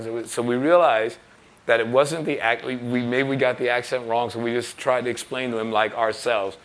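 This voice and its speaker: A musician telling a story in an interview, animated and laughing as he acts out other people's lines. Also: mid-range voice, quick pace, a little hiss or hum. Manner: animated storyteller, laughing, acting out quoted voices. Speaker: musician and record producer. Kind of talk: telling an anecdote.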